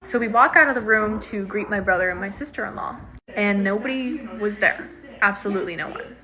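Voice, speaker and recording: A woman in her thirties telling her own eerie experience in a casual, animated way, acting out what people said. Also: mid-range voice, brisk, dull audio. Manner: animated, retelling with quoted voices and fillers. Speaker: storyteller sharing a personal experience. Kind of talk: casual first-person storytelling.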